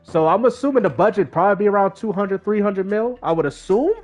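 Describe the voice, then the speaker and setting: A man's voice: sits high, fast, lo-fi sound. A man streaming a game, chatting casually with his chat and using slang. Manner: animated, talks to chat in slang. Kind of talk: casual live-stream commentary.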